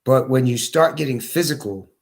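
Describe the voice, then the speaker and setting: A hoarse man telling his story in a casual monologue, repeating his points for emphasis. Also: medium pitch, moderate pace. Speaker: vlogger.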